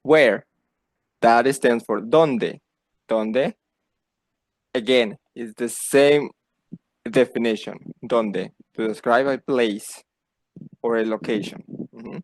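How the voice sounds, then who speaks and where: A man's voice: medium pitch, takes it slowly, pauses often, dry recording. A man teaching a beginner lesson, patiently repeating phrases for learners to copy. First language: Spanish. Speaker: Spanish teacher. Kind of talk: slow beginner language lesson.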